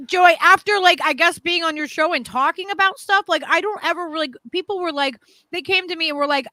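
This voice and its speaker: Woman, very high, bright and sharp, dry close sound, animated, repeats herself, casual chat. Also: brisk, dry recording. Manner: animated, repeats words, many "like"s.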